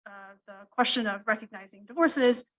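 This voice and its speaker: Measured female attorney, slightly high voice. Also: fairly bright tone, low-quality recording. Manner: measured, deferential, with frequent ums. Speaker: attorney arguing appeal. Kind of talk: formal legal argument. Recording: courtroom livestream audio.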